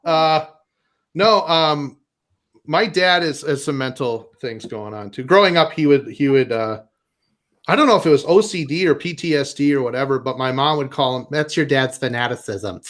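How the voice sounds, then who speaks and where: A man's voice: on the high side, expressive, moderate pace, a bit bright. A man from Minnesota doing a stand-up set on a live comedy stage, rambling, self-deprecating and laughing at his own jokes. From Minnesota, USA.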